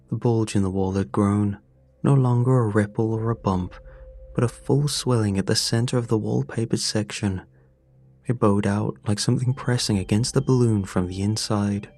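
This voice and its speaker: A man narrating a first-person horror story in a measured, tense way. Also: on the low side, darkish tone. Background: faint music.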